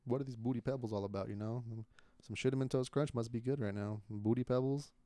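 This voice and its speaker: Smooth-voiced young man telling a story. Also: medium pitch, quick pace, dry recording, studio quality. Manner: profane, animated retelling with laughter. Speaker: podcast co-host. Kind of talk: casual chat, storytelling.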